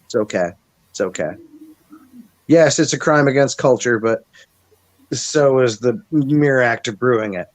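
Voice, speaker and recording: A man's voice: medium pitch, unhurried, long pauses. A man in his thirties in casual chat on a stream, making dry joking asides.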